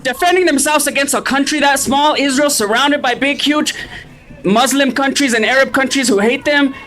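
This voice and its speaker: A man's voice: very high voice, normal speed, fairly bright tone, soft background music, poor audio. A man filming at an outdoor street protest, arguing and provoking the people around him. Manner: argumentative, provoking. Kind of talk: confrontational street recording. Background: drumming and crowd chants.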